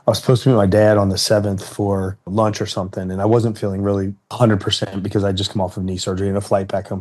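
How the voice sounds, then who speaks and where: A man in his fifties from Ohio, telling a personal story in an interview in a measured, earnest way. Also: on the low side, mellow. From Cincinnati, Ohio, United States. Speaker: interview guest, retired fighter.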